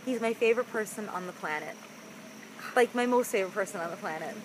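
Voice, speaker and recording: A woman's voice: mid-range voice, fast, background noise. A woman co-hosting a knitting podcast, chatting casually and laughing often, with lots of "like" fillers. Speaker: podcast co-host. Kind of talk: casual chat.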